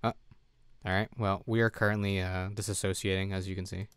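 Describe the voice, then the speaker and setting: A man's voice: low voice, little pitch movement, a little fast, clear, resonant tone, no echo. A man streaming from home, thinking aloud as he plays, second-guessing himself and sounding tired. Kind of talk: casual live-stream commentary while gaming.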